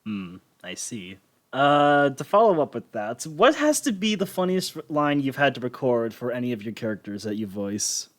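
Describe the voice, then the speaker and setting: A man hosting a casual interview, asking relaxed questions, laughing along and following up quickly. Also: medium pitch. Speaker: interview host.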